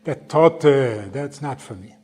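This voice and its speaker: A man voicing a stubborn elderly immigrant man who refuses in short, halting bursts. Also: mid-range voice, expressive, darkish tone, slightly rough, in a large hall. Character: stubborn elderly Russian immigrant man, gruff then moved.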